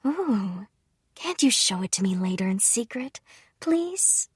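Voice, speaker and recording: Woman doing a doting, breathy noble mother. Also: fairly high pitch, animated, a little slow, a little mellow, dry recording, studio quality, full character voice. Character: affectionate, eager noble mother.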